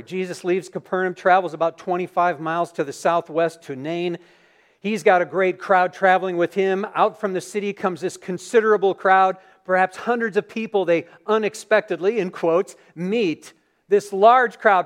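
A man preaching a sermon as pastor in a church, reading scripture and then retelling the story in an animated, dramatic way. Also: high-pitched, normal speed. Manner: animated storytelling, acting out scenes. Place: church sanctuary.

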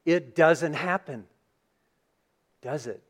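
A pastor delivering a Sunday sermon, his voice sitting high for a man. He moves from reading scripture to vivid, animated storytelling, acting out the scene for the congregation. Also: takes it slowly. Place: church sanctuary.

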